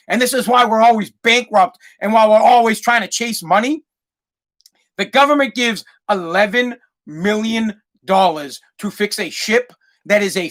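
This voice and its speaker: A man's voice: very high voice, fairly bright tone. A man in his thirties hosting a podcast, ranting in a worked-up, profane, repetitive way with many restarts. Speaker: podcast host. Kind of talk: comedic ranting monologue.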